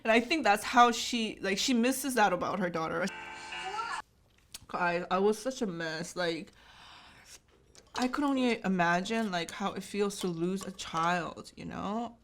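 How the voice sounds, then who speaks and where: A woman's voice: mid-range voice, measured pace, a bit bright, slight background noise. A woman in her thirties, a native Korean speaker, giving an emotional, gushing reaction commentary full of fillers. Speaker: YouTube host.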